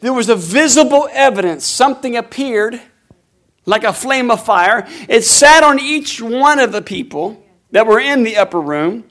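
High-voiced preacher man. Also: animated, normal speed. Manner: preaching with sudden loud bursts; call-and-response with the congregation. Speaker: pastor. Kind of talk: sermon.

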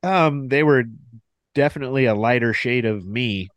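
A man's voice: medium pitch, normal speed, no echo. Brief: male podcast guest, laughs often, acts out each person in his story, dry close mic. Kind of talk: casual chat.

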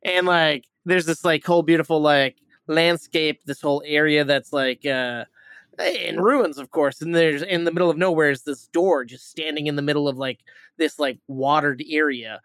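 Rambling, swearing man with a higher voice. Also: fairly even intonation, moderate pace, a bit bright, clean tone, no echo. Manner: rambling, profane, many fillers and restarts. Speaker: movie review podcast host. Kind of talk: casual movie review chat.

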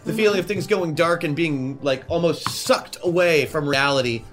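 A man's voice: a little high, moderate pace, fairly bright tone, faint music behind. A man acting as game master, telling a live tabletop game in a playful, descriptive way.

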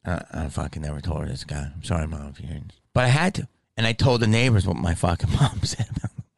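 A man hosting a comedy podcast, telling a story in a profane, heated rant that swings from mumbled asides to shouting. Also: sits low, fast, creaky, no echo.

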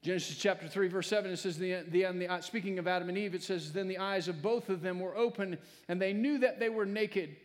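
A male pastor preaching a sermon, swinging between loud, emphatic lines and hushed, quiet ones. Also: high-pitched, steady tone, fast, hardly any pauses. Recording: long hall reverb.

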